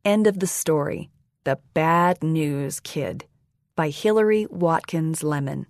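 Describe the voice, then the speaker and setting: Woman, scripted audio magazine reading, calm even delivery, lowish pitch, dry sound. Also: slow pace, dry recording. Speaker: magazine reader.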